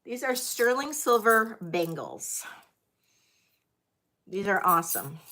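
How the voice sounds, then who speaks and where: A woman's voice: medium pitch, big pitch swings, slow pace, bright, forceful tone. A middle-aged woman hosting a live vintage jewelry auction, talking in a chatty, scattered, self-deprecating way to her viewers. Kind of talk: casual live-stream selling chat.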